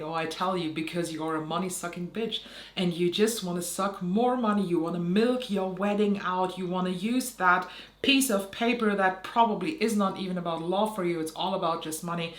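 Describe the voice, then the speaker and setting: Heated young woman ranting about makeup, swears a lot, lowish voice. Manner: heated, profane, sarcastic ranting. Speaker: makeup vlogger. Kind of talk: ranting vlog commentary. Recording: roomy echo.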